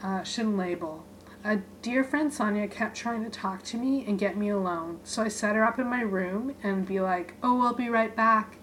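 A woman reads her own short pieces aloud in a deadpan spoken-word style. She delivers them in clipped, list-like bits at an ordinary middle pitch, with faint room sound behind her. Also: moderate pace, slight background noise, rough recording.

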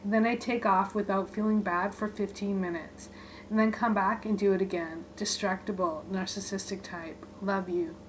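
A woman's voice: mid-range voice, steady tone, normal speed, a little hiss or hum, low-quality recording. Woman reading clipped spoken-word lists. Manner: clipped, list-like delivery. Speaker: reader of her own short writings.

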